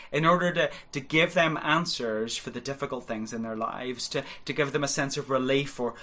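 A man's voice: medium pitch, sharp tone. A man preaching a sermon, earnest and exhorting, pressing his points home with rising and falling emphasis. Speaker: pastor.

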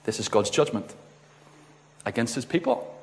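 A man's voice: mid-range voice, very animated, normal speed. Emphatic male preacher in a reverberant hall. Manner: emphatic, rising and falling sharply for stress. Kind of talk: sermon. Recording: long reverb of a large hall.

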